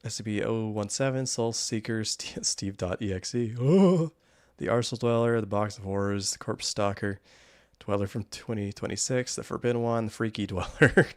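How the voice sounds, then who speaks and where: A man's voice: on the low side, fairly even intonation, fairly quick, smooth. A man giving casual, wry gameplay commentary, rambling and often laughing. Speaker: gaming YouTuber.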